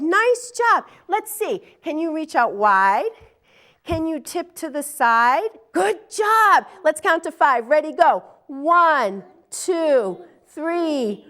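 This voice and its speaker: High, lively woman leading kids' yoga. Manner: playful and encouraging, sings and counts for the kids. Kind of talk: leading a children's yoga class on a TV show.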